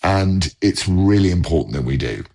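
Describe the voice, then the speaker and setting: Guy talking from home on a video call, deep husky voice, earnest, keeps restarting sentences. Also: animated, moderate pace, warm tone. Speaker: co-host. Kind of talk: casual chat.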